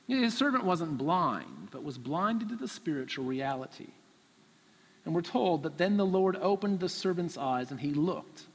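A man's voice: high voice, fairly bright tone, long reverb tail. A man preaching a sermon, telling a story animatedly and acting out the characters.

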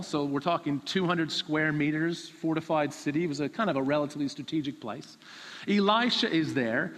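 A man's voice: fairly high pitch, fairly bright tone, big-room sound. A man preaching a sermon, telling a story animatedly and acting out the characters.

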